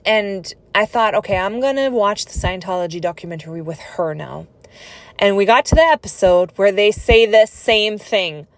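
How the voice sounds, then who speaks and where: A woman's voice: lowish voice, measured pace, no echo. A woman telling her own life story in a personal vlog, speaking in an earnest, conversational and reflective way.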